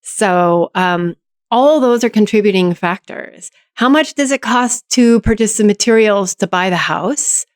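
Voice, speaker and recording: A woman's voice: medium pitch, animated, measured pace, no room sound, studio quality. A woman mayor answering interview questions, methodically breaking a problem into its parts. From Oregon, US. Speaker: city mayor as guest.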